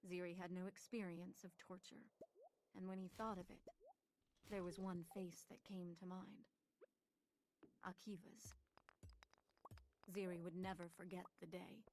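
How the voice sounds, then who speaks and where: A woman narrating an audiobook in a measured, even reading voice. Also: on the low side, a little hiss or hum.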